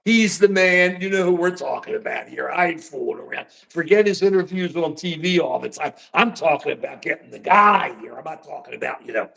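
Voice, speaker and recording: A man's voice: a little high, animated, fairly quick, vocal fry, few pauses, fairly bright tone. A man from the United States hosting a casual political livestream, rambling and repeating himself with folksy slang. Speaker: livestream host.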